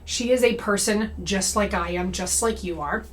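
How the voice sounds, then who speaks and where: A woman's voice: medium pitch, normal speed. Chatty woman checking in with "okay?". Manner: conversational, frequent "okay?" and "right?" check-ins. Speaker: comedy creator and anti-MLM commentator. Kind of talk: casual monologue to camera.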